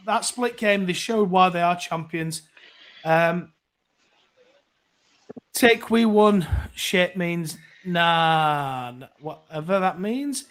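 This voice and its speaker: A chatty man with a rather high voice hosts a casual live phone-in. He rambles along as he reads out viewer comments, filling gaps with ums and asides. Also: fairly bright tone. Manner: chatty and rambling, many fillers. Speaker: host reading viewer comments.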